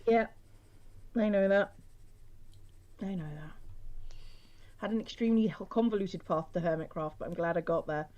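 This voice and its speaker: A woman's voice: medium pitch, brisk, darkish tone. Self-deprecating woman on dull stream audio. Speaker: artist and stream host. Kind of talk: casual chat while drawing.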